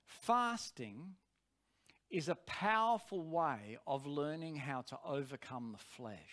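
A man preaching a sermon, telling a personal story in an earnest, direct way. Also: fairly high pitch.

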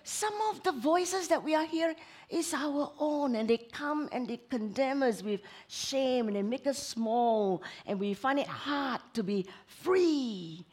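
Woman preacher, expressive sermon delivery, fairly high voice, lively rises and drops. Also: a little slow, slightly rough. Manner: expressive, swinging between emphatic and hushed. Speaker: preacher and counselor.

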